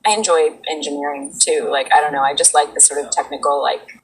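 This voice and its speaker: A woman's voice: low voice, steady tone, quick pace, slight background noise, poor audio. A woman guest on a live stream, chatting casually, shy and laughing easily.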